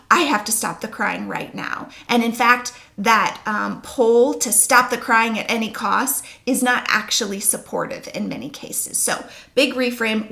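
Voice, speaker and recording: A woman's voice: on the high side, gravelly, bright, forceful tone. A young adult woman working as a sleep consultant, giving earnest, reassuring parenting advice to camera. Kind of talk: talking-head advice video.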